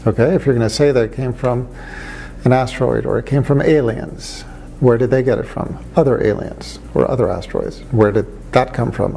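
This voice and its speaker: A middle-aged man, a former atheist doctor, making a measured argument with dry humor. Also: medium pitch, gravelly, warm tone, slight background noise. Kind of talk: reflective monologue.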